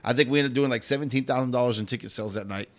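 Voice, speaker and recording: A man's voice: medium pitch, rapid-fire. A male comedian on a podcast, telling a story casually, swearing often and stumbling over repeated words. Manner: rambling, swearing, repeats words at the start of lines. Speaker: guest comedian.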